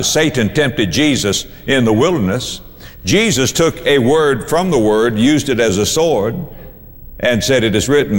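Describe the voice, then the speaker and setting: A man's voice: mid-range voice, in a large hall. A male pastor preaching a sermon, emphatic, repeating key phrases to drive them home.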